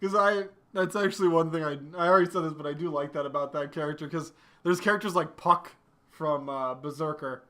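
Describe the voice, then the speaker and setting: A man's voice: fairly high pitch, a little fast, pushed and bright. A young man chatting casually about anime, blunt and opinionated, laughing often. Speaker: anime podcast co-host.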